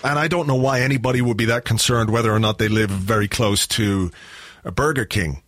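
A man's voice: on the low side, a little fast, fairly bright tone, dry recording, studio quality. A man co-hosting a football podcast, chatting casually with wry jokes and rambling asides. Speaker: podcast co-host. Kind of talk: casual chat.

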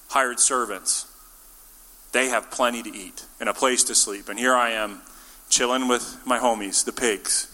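A man preaching a sermon in a relaxed, joking way, acting out the characters he quotes. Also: mid-range voice, in a large hall. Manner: casual and jokey, acts out quotes. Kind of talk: conversational sermon. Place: church.

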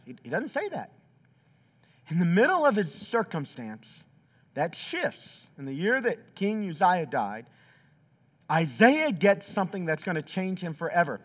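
A man's voice: high-pitched, very animated, unhurried. A pastor preaching a sermon in a church, acting out quotes with big swings in his voice. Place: church sanctuary.

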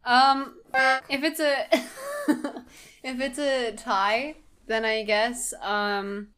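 A woman's voice: on the high side, lively intonation, extremely slow, a bit bright. A woman hosting a podcast quiz in casual chat, giggly and apologetic.

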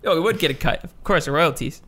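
A young man co-hosting a podcast in casual chat, excitable and quick to laugh. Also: a little high. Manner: excitable, laughs often, acts out voices in stories. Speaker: podcast co-host.

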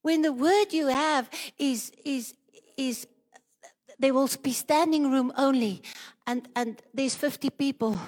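A woman preaching a charismatic sermon, building into loud rhythmic declarations and speaking in tongues, at times out of breath. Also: sits high, slow pace, long reverb tail.

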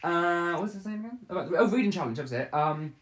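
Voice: mid-range voice, expressive, fast talker, heavy background noise. A podcast host rambling through a casual chat and laughing often.

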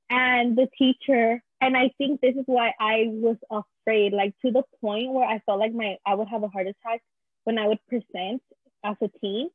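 A young woman from Mexico, speaking with a Mexican Spanish accent, has a slightly high voice in a dry recording over a tinny phone line. It's a casual chat full of fillers, with her often slipping into Spanish.

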